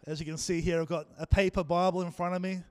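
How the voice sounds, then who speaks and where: Aussie pastor guy, jokey sermon, clear voice ringing round a big hall. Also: high voice, little pitch movement, quick pace. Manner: jokey, chatty with the congregation. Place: church hall.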